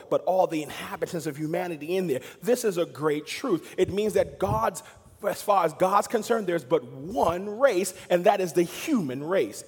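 A man preaching a sermon as pastor, swinging between loud emphatic lines and quiet, hushed asides. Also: fairly high pitch, breathy edge, in a large hall. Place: church sanctuary.

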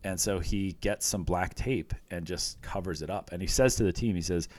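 A man's voice: deep voice, fairly even intonation, fairly quick, hardly any pauses, darkish tone, dry recording. A man co-hosting a podcast, chatting casually and retelling TV scenes with many fillers and restarts. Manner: rambling, lots of fillers and restarts, retells scenes with quoted lines. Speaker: podcast co-host. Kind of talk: casual chat recapping a TV show.

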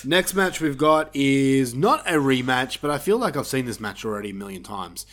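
Male podcast co-host, animated and sarcastic, swinging pitch, casual banter. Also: normal speed. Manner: animated, sarcastic, swears, laughs often. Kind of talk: casual wrestling review chat.

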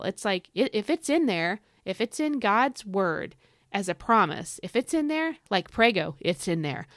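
A woman hosting a casual devotional podcast, chatty and encouraging, with lots of asides and repeated phrases and pitch that jumps up on emphasis. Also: dry recording, clean studio sound. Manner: expressive, pitch swinging up on emphasis. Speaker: podcast host teaching from the Psalms.

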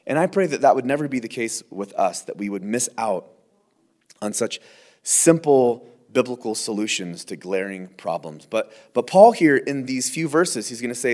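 A man's voice: mid-range voice, expressive, moderate pace, a little mellow. A man, a pastor, teaching through scripture verse by verse in a conversational, emphatic way, often restarting and repeating words.

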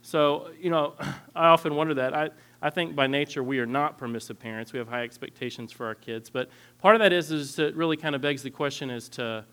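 A man in his thirties giving a candid, earnest lecture on parenting styles, often clearing his throat. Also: fairly high pitch, fairly even intonation, a little fast, fairly bright tone. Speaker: parenting instructor.

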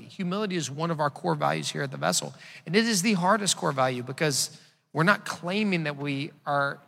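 Gravelly, bright-voiced preaching man. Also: on the high side. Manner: conversational preaching with emphatic repetition. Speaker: pastor. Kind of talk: sermon. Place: church auditorium. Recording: long reverb of a church hall.

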